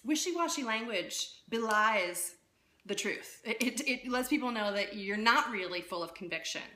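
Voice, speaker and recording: A woman coaching public speaking in a casual live-streamed talk, lively and conversational, often checking in with "right?". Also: fairly high pitch, normal speed, echoey room, slight background noise. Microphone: phone.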